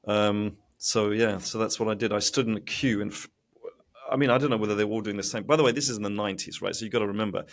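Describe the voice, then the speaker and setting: A man speaking as a guest in a podcast interview, telling his story with animated delivery and acted-out quoted voices. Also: lowish voice, quick pace. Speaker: guest, investment educator.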